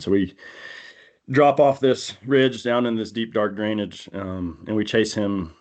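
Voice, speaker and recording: A man on a podcast telling a long, animated hunting-trip story in casual chat, acting out the people he quotes. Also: lowish voice, measured pace. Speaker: podcast co-host. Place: indoor podcast studio.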